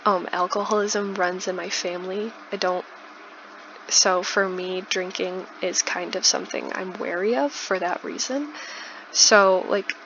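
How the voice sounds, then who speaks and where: A chatty young woman tells a story in a loose, casual way, full of likes and restarts. Her voice is bright with a gravelly fry at the edges. The recording is dull and lo-fi, with a faint hiss behind her. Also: medium pitch, unhurried. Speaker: YouTuber. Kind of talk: casual storytime over a speed build.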